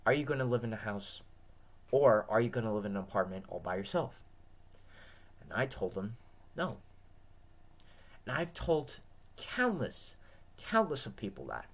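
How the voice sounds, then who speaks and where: Tired, rambling low-voiced man. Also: sing-song, moderate pace, long pauses. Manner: repetitive, earnest, restarts often. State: tired, dry throat. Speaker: vlogger. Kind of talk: casual rambling monologue.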